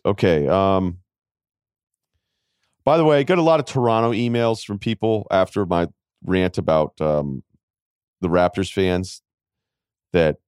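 Male podcast host, forties, low voice, dry close mic, chatty self-mocking storyteller. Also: darkish tone, clean tone, no room sound. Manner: rambling storyteller, quick asides and wry self-mockery. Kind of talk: casual podcast chat.

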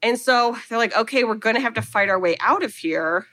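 A woman with a bright, high voice chatting casually as a podcast co-host. She retells a movie plot with animated storytelling and slips into quick acted-out lines for the characters. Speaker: podcast co-host recapping a film. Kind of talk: casual chat.

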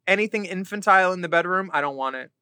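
A man's voice: sits high, fast talker, sharp tone, smooth, no room sound, studio quality. A man hosting a podcast in campy casual chat, reading listener letters and trading jokes with his co-host.

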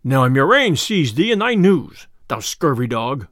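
A man voicing a gruff, boastful, hot-tempered tinker who speaks in old-fashioned English. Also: medium pitch, very animated, normal speed, a bit bright, dry recording, studio quality, voice pushed down. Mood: indignant. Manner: blustering, archaic speech.

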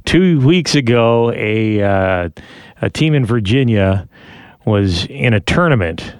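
A man hosting a podcast, chatting casually and reading news stories with easy laughs and quick asides. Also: on the low side, lively intonation, clear, resonant tone, no room sound, studio quality. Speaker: podcast host.

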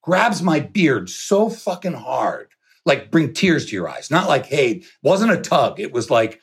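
Animated husky-voiced man telling a story. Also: a little high, measured pace. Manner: animated, swearing, laughing storyteller. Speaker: podcast guest. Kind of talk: storytelling anecdote.

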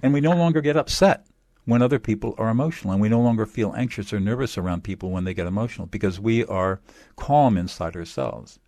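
Emphatic low-voiced man, dry sound. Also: fast, darkish tone, no echo. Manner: emphatic, explanatory, repeats key phrases. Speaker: attorney and mediator guest. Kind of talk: interview answers.

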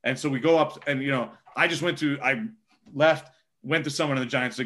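A man's voice: medium pitch, steady tone, fairly quick, fairly bright tone. A man, a sports reporter, telling a story casually and rambling with lots of filler words.

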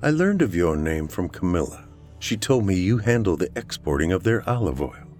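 A man voicing a determined woman who talks in a low, grave and accusing way. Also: big pitch swings, moderate pace, darkish tone, faint music behind. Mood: polite.

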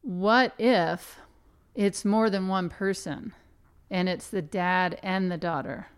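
A woman's voice: on the low side, slow pace, clear, resonant tone. A woman co-hosting a podcast, chatting in a playfully defensive way and thinking aloud. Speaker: podcast co-host. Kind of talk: casual chat.

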